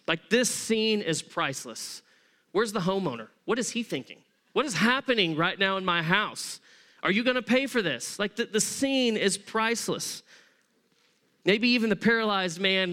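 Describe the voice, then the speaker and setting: A man preaching a sermon as pastor, conversational and animated, acting out the people in the story as he tells it. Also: sits high, smooth. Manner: acts out voices of people in the story.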